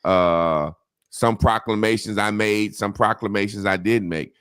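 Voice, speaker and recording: A man hosting a casual talk show, telling rambling profane stories with animated impressions. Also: on the low side, measured pace, clear, resonant tone, dry recording, clean studio sound. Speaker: podcast host. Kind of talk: casual chat.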